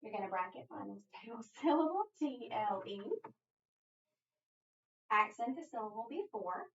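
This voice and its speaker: A woman tutoring phonics, breaking each rule into small encouraging steps. Her voice is bright and clear but sits a little back from the mic, on a dull lo-fi recording. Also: mid-range voice, animated, normal speed, recorded from a distance, slight background noise. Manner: encouraging, step-by-step instruction. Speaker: reading teacher.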